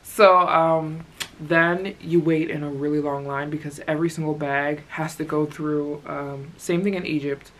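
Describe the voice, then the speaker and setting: A woman's voice: low-pitched, steady tone, a little slow, slight background noise. A young woman, a travel vlogger, telling a story in a chatty, casual way and acting out the people she quotes. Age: young adult.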